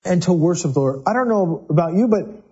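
A man's voice: sits high, animated, brisk, mellow, husky, dull audio. A man preaching a sermon in a church sanctuary, talking in a loose, conversational way and often repeating words as he goes. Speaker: pastor.

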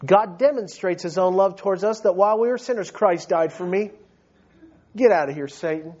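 Male pastor, high-pitched, emphatic preaching style with big swings; dull lo-fi recording. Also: moderate pace. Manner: emphatic preaching, swinging between loud high peaks and low quiet drops. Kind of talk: sermon.

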